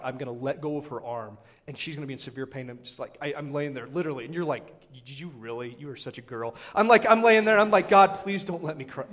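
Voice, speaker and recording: A man in his thirties, a pastor preaching a sermon, telling a personal story in an animated, conversational way and often turning to the congregation with quick asides. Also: fairly high pitch.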